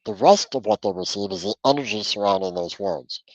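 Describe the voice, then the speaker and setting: A man's voice: lowish voice, animated, brisk, no echo, highs cut off. A man giving a podcast interview as a coach, talking through mindfulness exercises in an earnest, instructive way and often repeating words as he restarts. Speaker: transformational coach, guest. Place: home office.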